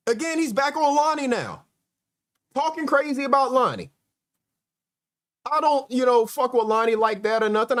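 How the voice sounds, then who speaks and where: A man's voice: sits high, a bit bright. A man hosting a livestream, commenting on played clips in a sarcastic, exasperated way. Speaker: host.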